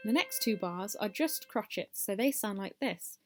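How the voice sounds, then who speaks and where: A woman's voice: mid-range voice, lively intonation, moderate pace, few pauses. A woman teaching a music lesson step by step, counting beats aloud and encouraging the class.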